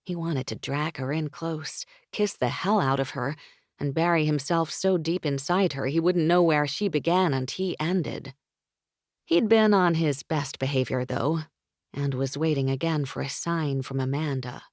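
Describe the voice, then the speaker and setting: A woman narrating a romance audiobook in a smooth, intimate storytelling manner. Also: low-pitched, unhurried, a little mellow, no room sound, studio quality.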